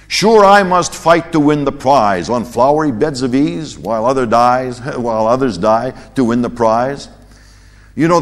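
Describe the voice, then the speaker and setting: A man from North America teaching a Bible lesson in a sermon style, joking and laughing at his own stories, sometimes stumbling over repeated words. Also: mid-range voice. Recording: long hall reverb.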